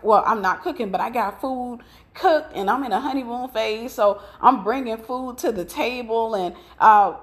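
A middle-aged woman preaching in a conversational, storytelling way, telling about her own marriage. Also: on the high side. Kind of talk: sermon with personal story.

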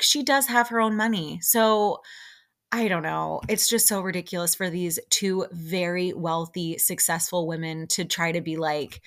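Young female podcast host, casual and opinionated recap voice, slightly low pitch. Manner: chatty and opinionated, many fillers, quotes people in lively put-on voices. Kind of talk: casual chat.

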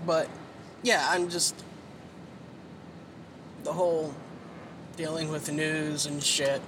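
In a flat, fairly high voice, a man speaks slowly with long pauses, rambling as he drives. He's sleepy and worn out, swearing often and filling gaps with filler words, while road and engine noise surround him.

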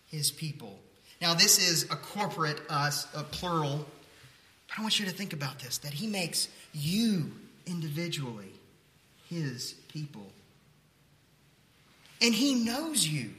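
A pastor delivers his sermon in a church with a sharp, bright voice pitched a little high. He preaches animatedly, dropping into playful mock voices and jokes. His voice rings out with a long, roomy hall echo. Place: church sanctuary. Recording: echoey hall.

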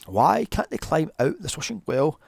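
A man's voice: fairly high pitch, big pitch swings, moderate pace, gravelly, slightly rough. A man giving a sarcastic, profane recap of a movie, mocking it with exasperation. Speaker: movie reviewer. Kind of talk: sarcastic comedic film recap.

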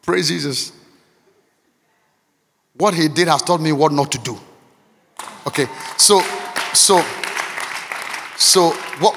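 Preacher, high and gravelly in a big reverberant hall. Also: male voice, slow, long pauses, a faint crowd, slight background noise. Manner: impassioned, repetitive, swings between shouting and near-murmur. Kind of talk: sermon. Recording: long reverb of a large hall.

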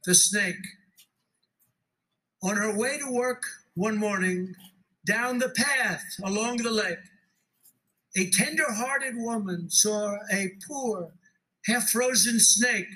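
Slow emphatic male speaker. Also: high-pitched, bright, forceful tone, poor audio. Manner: emphatic, repeats phrases. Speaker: political speaker. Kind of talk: speech reciting a poem.

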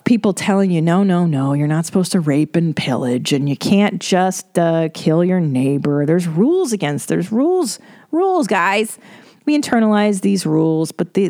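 A woman's voice: lowish voice, vocal fry, a little mellow. A middle-aged woman hosting a podcast, talking in a candid, rambling way and swearing freely. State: tearful. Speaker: podcast host. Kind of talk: casual monologue.

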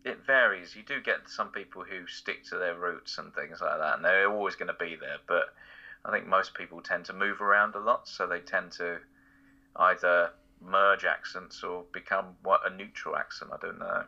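A man from Essex talks casually in a low, very forceful and tense voice, rambling with fillers and little chuckles. The recording sounds a bit dull and lo-fi. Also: steady tone, normal speed, creaky. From Essex, outside London. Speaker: voice impressionist guest. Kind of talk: casual conversational interview.

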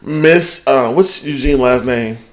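A man in loose, casual chat as a podcast co-host, recapping reality TV. His voice sits at a middle pitch. He swears freely, tells the story with animation and breaks into laughter often. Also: slow pace.

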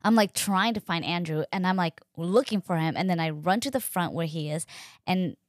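A young woman telling a personal story in a chatty, animated way, full of "like" and acted-out quotes. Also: on the low side, moderate pace, dry recording, studio quality. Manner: animated, chatty, fills speech with "like", acts out quotes. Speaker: podcast host. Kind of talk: casual storytelling.

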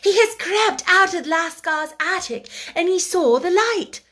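A woman reading aloud, voicing an eager, warm-hearted little girl in a bright, breathy voice. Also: high voice, big pitch swings, unhurried, voice pushed up.

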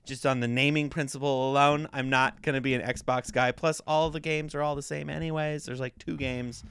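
A man co-hosting a podcast in casual chat, goofy and quick to laugh. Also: medium pitch, fairly even intonation, gravelly, a bit bright, clean tone, no room sound. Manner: goofy, laughs often, jokey. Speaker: podcast co-host.

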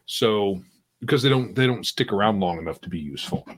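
A man's voice: lowish voice, lively intonation, brisk, slight background noise. A man co-hosting a casual tabletop game podcast over a video call, laid-back with brief replies. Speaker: podcast co-host.

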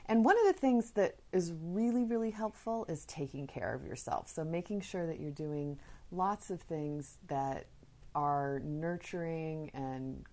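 Woman podcast host with a low voice, earnest and chatty, giving parenting tips. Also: darkish tone. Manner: earnest, conversational, shares personal anecdotes. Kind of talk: casual advice talk.

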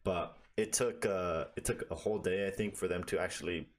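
A man's voice: sits low, steady tone, brisk. A man telling a story in casual, profane conversation over a video call, rambling with lots of fillers.

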